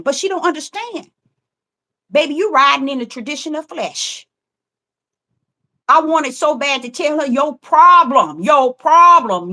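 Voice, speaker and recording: Preaching online with impassioned, rhythmic repetition, a middle-aged self-proclaimed prophetess speaks in a voice that sits high and sounds fairly bright.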